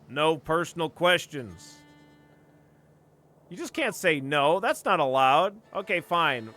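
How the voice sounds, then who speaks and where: A man chatting through a game on a stream, joking and swearing as he reads the text aloud. His voice sits a little high and sounds bright and forceful. Faint music plays behind him. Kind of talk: casual gaming commentary.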